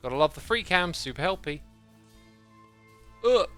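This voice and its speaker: Male streamer, bright tone, chatty and rambling as he plays, faint music under the voice. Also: a little high, expressive, normal speed. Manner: rambling, thinks aloud, thanks chat. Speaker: game streamer. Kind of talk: casual livestream commentary while playing.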